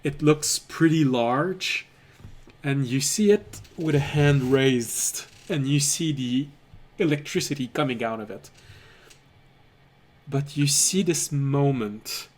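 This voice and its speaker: A man narrating a tabletop fantasy game as game master, describing scenes deliberately. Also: medium pitch. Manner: descriptive, deliberate, occasional trailing restarts.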